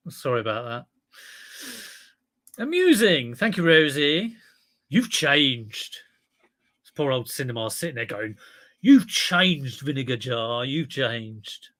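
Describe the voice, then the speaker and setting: A man's voice: mid-range voice, sharp tone. A man hosting a casual live stream, chatty and rambling, telling dad jokes.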